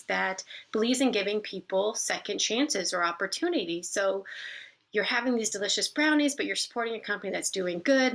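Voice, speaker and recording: Animated woman telling a story. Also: medium pitch. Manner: animated, acts out quoted people. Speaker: vlogger telling a personal story. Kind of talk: casual storytelling to camera.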